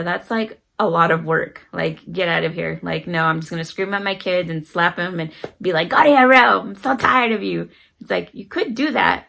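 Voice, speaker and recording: A middle-aged mother vlogs casually to the camera with parenting advice, earnestly acting out her children's voices as she tells stories. Her voice is fairly low and gravelly with a fairly bright tone, and the audio quality is poor.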